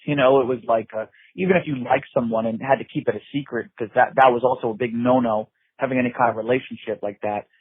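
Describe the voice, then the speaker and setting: A man's voice: medium pitch, steady tone, fast talker, hardly any pauses, husky, no room sound. A middle-aged man recounting his past in an emphatic way, repeating himself and saying "you know" a lot, heard over a phone line. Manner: emphatic, repetitive, frequent "you know" and restarts. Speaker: interview guest. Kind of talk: intense personal recollection.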